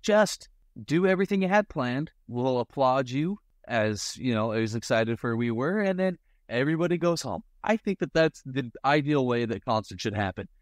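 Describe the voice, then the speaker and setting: A man with a mid-range voice co-hosts a podcast in relaxed casual chat. He grumbles wryly and acts out little scenes as he goes. The recording is dry and close. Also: mid-range voice, normal speed, dry recording. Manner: wry, amused complaining with acted-out asides. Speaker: podcast co-host.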